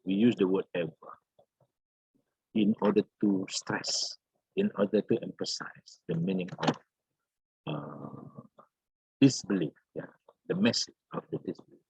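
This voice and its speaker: A man teaching an English grammar lesson in a halting way, repeating and restarting his phrases. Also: low voice, vocal fry, darkish tone, husky, dry recording. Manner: halting and repetitive, restarts phrases, many fillers. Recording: dull lo-fi dry recording.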